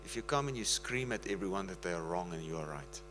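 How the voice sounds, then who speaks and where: A man's voice: deep voice, animated, fast talker, music in the background, rough recording. A man preaching in a casual, earnest and pleading way, often slipping into laughter. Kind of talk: casual sermon talk.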